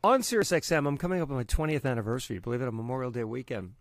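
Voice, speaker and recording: A man's voice: medium pitch, lively intonation, dry recording. A man from Brooklyn with a Long Island New York accent, a radio DJ telling stories in a casual interview from his home studio. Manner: chatty storyteller, quick asides. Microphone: studio microphone.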